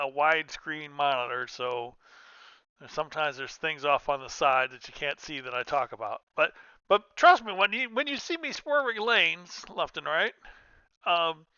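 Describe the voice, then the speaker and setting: Bright, clear-voiced man rambling while gaming. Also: sits high, no room sound, muffled recording. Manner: rambling, self-interrupting, chatty. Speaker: gaming streamer. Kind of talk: casual gameplay commentary.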